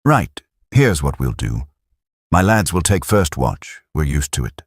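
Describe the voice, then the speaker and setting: A man's voice: very deep voice, big pitch swings, unhurried, no room sound, clean studio sound, heavily acted. A man voicing a blunt, practical Welsh platoon sergeant with a Welsh accent who takes charge.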